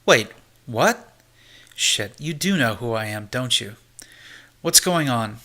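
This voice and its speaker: A man's voice: mid-range voice, lively intonation, takes it slowly, pushed and bright, heavily acted. A man reading a wary, blunt young woman. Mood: guarded. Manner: guarded, blunt. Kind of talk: audiobook character reading.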